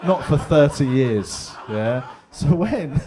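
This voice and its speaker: A man's voice: a little high, expressive, slow pace, dark tone. A middle-aged man with a London accent doing stand-up comedy in a pub, chatty and swearing, slipping into other people's voices. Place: pub stage with live audience.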